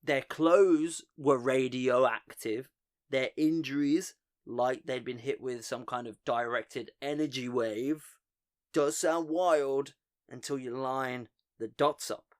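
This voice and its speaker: A man's voice: mid-range voice, slow pace. A man hosting a podcast, telling a story in a casual, joking way and often laughing at his own asides. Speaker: podcast host.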